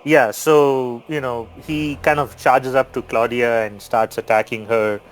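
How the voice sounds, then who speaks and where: A man's voice: medium pitch, fairly even intonation, measured pace, poor audio. A man playing a tabletop game, chatting casually and narrating his character's action. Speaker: player.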